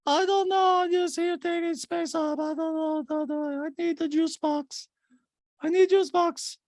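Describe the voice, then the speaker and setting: A man mimicking a helpless, childlike wealthy woman who talks in a slow, whiny, drawn-out way. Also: very high voice, steady tone, a little mellow, no echo, studio quality, pitched above the performer's own voice.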